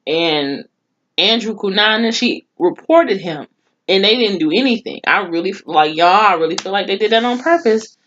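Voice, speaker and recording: A woman recaps an episode in a heated, profane rant. Her voice sits at an ordinary middle pitch and swings up sharply when she gets worked up. The audio is a little dull and lo-fi. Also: moderate pace. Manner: profane, animated, indignant storytelling. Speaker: TV show reviewer.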